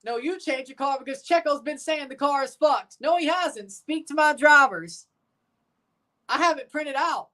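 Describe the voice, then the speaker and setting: A man doing a furious, high-pitched racing boss. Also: moderate pace, sharp tone. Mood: angry. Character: irate male racing team boss, shouting and swearing.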